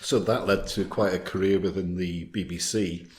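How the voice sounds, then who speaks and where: A man's voice: deep voice, steady tone, normal speed. A man hosting a podcast interview, asking questions and giving short prompts. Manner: brief prompts and backchannels. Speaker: podcast host. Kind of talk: casual interview. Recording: roomy echo, faint noise.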